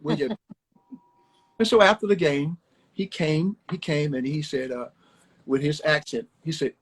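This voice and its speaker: Speaking from home over a livestream on his phone, a former baseball player from Alabama rambles through folksy stories as an interview guest, often saying things twice. He's an older man with a fairly high, husky voice who talks at a measured pace and pauses often. The audio quality is rough.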